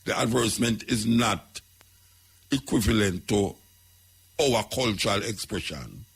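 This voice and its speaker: Gravelly Jamaican man preaching on radio. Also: lowish voice, animated, measured pace. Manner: preaching, repetitive, emphatic. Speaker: radio host. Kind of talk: talk radio commentary.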